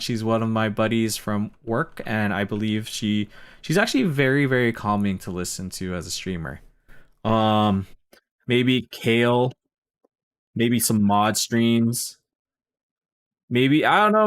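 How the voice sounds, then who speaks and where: Smooth-voiced streamer with a Filipino-Bay Area accent. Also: male voice, mid-range voice, unhurried, a bit bright. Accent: Filipino and Bay Area blend. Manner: rambling, chatty, many ums and self-corrections. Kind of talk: casual live-stream planning chat.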